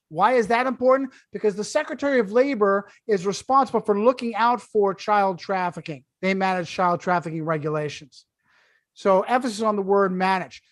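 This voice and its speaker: A man who is a guest author on a podcast, talking emphatically and sarcastically in quick bursts. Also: high voice, a bit bright, dry recording. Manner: emphatic, sarcastic, rapid-fire. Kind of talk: podcast discussion.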